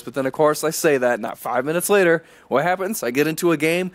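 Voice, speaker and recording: A man's voice: on the high side, fast talker, few pauses, no echo. A young American man giving rambling, chuckling commentary over gameplay. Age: young adult. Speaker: gaming commentator.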